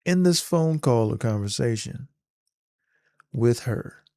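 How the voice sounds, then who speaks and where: A man's voice: mid-range voice, slow pace, no room sound, clean studio sound. Slangy man retelling a movie scene. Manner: animated slangy storytelling. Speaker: vlogger.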